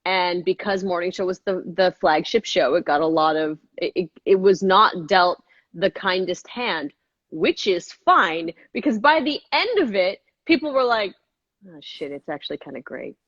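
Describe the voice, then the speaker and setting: A woman in her thirties, an actress and filmmaker, chatting in an interview and often jumping into high-pitched quoted voices. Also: unhurried, a bit bright, no room sound, lo-fi sound. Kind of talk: casual interview chat.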